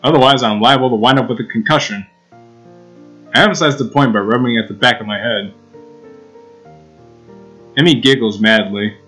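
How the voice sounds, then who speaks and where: A young man reading game text aloud in a relaxed, chatty way, laughing and breaking off for asides. His voice sits in an ordinary middle range. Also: mid-range voice, normal speed, pauses often, faint music behind, poor audio. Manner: casual, giggly, with restarts and asides. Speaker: let's play host reading a visual novel.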